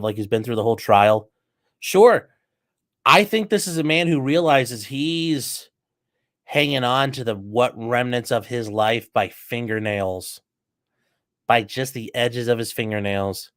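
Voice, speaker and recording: A man hosting a show, giving blunt, emphatic commentary on a trial with sports analogies and some swearing. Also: medium pitch. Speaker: host commenting on a trial clip. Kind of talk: casual commentary.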